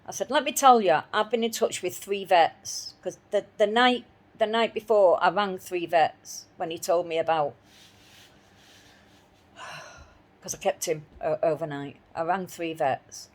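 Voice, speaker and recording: A woman telling a personal story in an indignant voice, repeating herself as she replays her arguments. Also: lowish voice. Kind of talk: spoken personal account.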